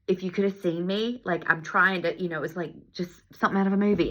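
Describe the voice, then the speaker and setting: A woman with a low voice and a bright, forceful edge tells a story, acting out her own exclamations, laughing as she goes. She talks like a chiropractor sharing a personal tale, loose and conversational, in a casual vlog. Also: a little fast. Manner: animated, laughing, lively retelling with acted-out exclamations.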